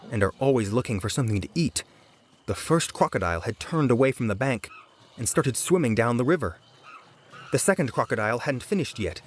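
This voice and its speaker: A man reading a children's book aloud in a calm, measured storytelling voice. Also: medium pitch, slight background noise. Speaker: audiobook narrator. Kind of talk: storybook read-aloud narration. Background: soft background music.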